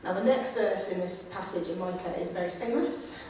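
A woman giving a conversational sermon, with many fillers and lively acted-out quotes. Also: on the low side, normal speed, recorded from a distance, slight background noise. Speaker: preacher. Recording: echoey room, voice from afar.

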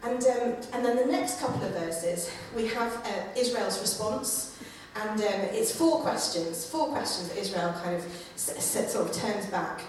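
A woman giving a conversational sermon, with many fillers and lively acted-out quotes. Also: mid-range voice, measured pace, far from the mic, a little hiss or hum. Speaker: preacher. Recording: echoey room, voice from afar.

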